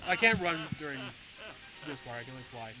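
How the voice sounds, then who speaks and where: A young man casually commentating a video game with a friend, animated, laughing and swearing, now and then mimicking silly voices. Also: medium pitch, fast talker. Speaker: gameplay commentator. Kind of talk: casual chat over gameplay. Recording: game music behind. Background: game music.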